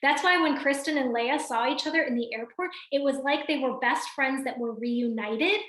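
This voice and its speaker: A woman's voice: sits high, normal speed, reverberant. A woman leading a motivational team training on a video call, talking energetically and checking in with her listeners. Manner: energetic, addresses listeners directly with frequent "right?". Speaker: team coach.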